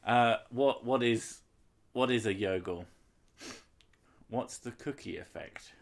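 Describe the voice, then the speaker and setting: This game streamer talks slowly with a medium pitch and vocal fry, rambling casually on his live stream. He swears freely and leans into self-mocking humour.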